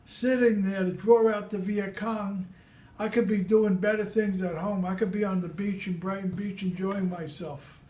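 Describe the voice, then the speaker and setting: A man's voice: high voice, mellow. An older man from Brooklyn, telling his war stories in a rambling, repetitive way. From Brooklyn, New York. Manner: rambling and repetitive, with many restarts. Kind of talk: casual spoken storytelling. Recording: echoey room.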